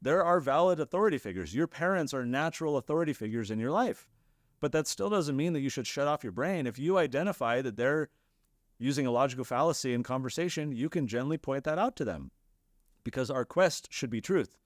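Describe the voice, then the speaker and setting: A man giving an explanatory lesson on logical fallacies, telling examples in a lively storytelling way and briefly acting out the voices he quotes. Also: medium pitch, fairly quick, dry recording, studio quality. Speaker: lecturer.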